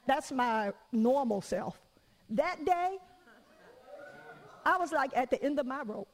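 A woman preacher giving a conversational sermon, telling stories in an animated way and acting out what people said. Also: high-pitched, unhurried, big-room sound. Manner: animated storytelling with acted-out quotes.

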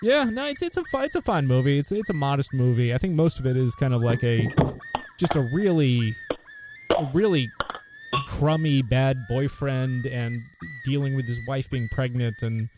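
A man's voice: mid-range voice, animated, normal speed, noisy background. A man in casual conversation, talking at length with many fillers and restarts. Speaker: podcast co-host discussing films. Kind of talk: casual chat.

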